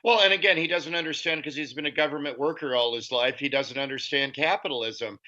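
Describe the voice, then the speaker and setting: A man speaking as a guest author in a political interview, delivering his points in a forceful, scornful way. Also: a little high, brisk, muffled recording. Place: lives in Europe.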